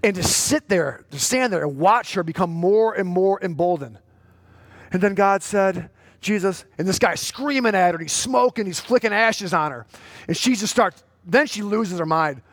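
A man preaching a sermon as pastor, swinging from hushed storytelling to loud, urgent exhortation. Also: sits high, lively intonation, normal speed, no room sound.

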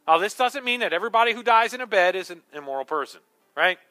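A man preaching a sermon as pastor, swinging between hushed, slow words and loud, emphatic ones. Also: sits high, lively intonation.

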